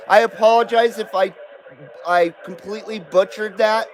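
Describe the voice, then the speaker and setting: A man's voice: high-pitched, normal speed, slight background noise, low-quality recording. A man from the West Coast of the United States hosting a casual live stream, rambling and self-deprecating, often laughing and reading viewer comments aloud.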